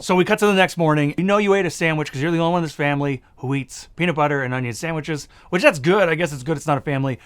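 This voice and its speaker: A young man hosting a casual, jokey movie review who acts out characters in quick asides. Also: fairly high pitch, clear, resonant tone.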